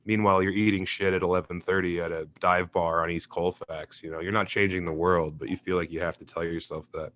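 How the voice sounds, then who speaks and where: Young adult man, stand-up comedian, fairly low voice, casual interview chat, animated storyteller, laughs a lot. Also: a little fast, hardly any pauses. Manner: storytelling, laughs often, mimics voices in anecdotes.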